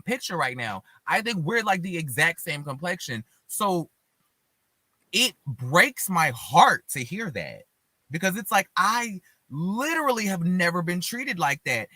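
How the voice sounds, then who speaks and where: Podcast co-host, male, chatty and earnest, piercingly bright tone, dry close sound. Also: high-pitched, no echo. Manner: earnest, rambling, many filler likes. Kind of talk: casual group chat.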